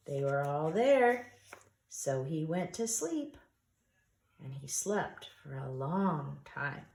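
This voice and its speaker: A woman's voice: low-pitched, gravelly, a little hiss or hum. A woman reading a picture book aloud to preschool children, drawing out the words and inviting them to join in. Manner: expressive, drawn-out, asks listeners to join in. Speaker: storyteller for a preschool. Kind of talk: children's story read-aloud. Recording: echoey room.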